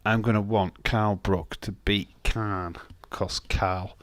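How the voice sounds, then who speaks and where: A man's voice: lowish voice, steady tone, slow pace, no echo. A man with a Yorkshire accent hosting a live stream, chatting casually and bluntly, swearing freely and restarting his sentences. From Castleford, Yorkshire, England. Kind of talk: casual watch-along chat reading viewer comments.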